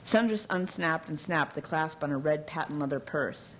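A woman narrating a novel aloud in a measured, even storytelling manner. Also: sits low, slight background noise, low-quality recording. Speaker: audiobook narrator. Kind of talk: scripted narration.

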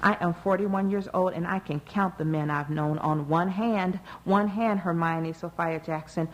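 A stern, prim mother in her forties, cold and scolding, as a woman reads her in a storybook. Her lines come out flat and controlled, with a low, firm tone. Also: normal speed, natural voice.

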